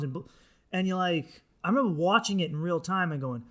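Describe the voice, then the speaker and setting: A man hosting his comedy podcast, ranting in a profane, animated monologue. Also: high-pitched, brisk.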